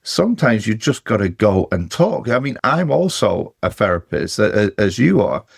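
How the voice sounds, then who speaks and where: Low gravelly guy hosting a podcast, measured and reflective, slows down on the big points. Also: big pitch swings, no echo, clean studio sound. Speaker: podcast host and therapist. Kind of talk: podcast interview.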